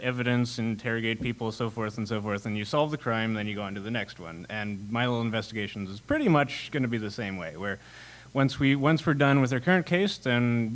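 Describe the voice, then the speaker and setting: Guy on a con panel talking through his game project, plain even voice. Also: medium pitch, poor audio. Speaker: fan game developer panelist. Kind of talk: casual panel chat. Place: convention panel room.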